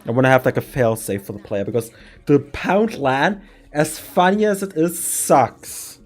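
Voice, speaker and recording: A man from Germany, a native German speaker, hosting a stream and planning a campaign as game master, rambling and giggly with quick bursts. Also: mid-range voice, sing-song, faint music behind.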